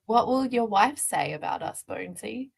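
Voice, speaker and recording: A woman's voice: fairly high pitch, expressive, normal speed, vocal fry, slightly rough, rough recording. A woman co-hosting a casual live stream from a video call, with a mid-range voice. She is giggly and self-conscious as she chats and explains things.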